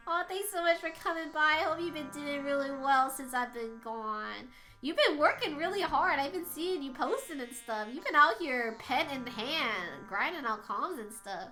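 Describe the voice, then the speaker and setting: A woman's voice: high voice, normal speed, sharp tone, soft background music. A young adult woman streaming, chatting casually with viewers, laughing often and swearing freely.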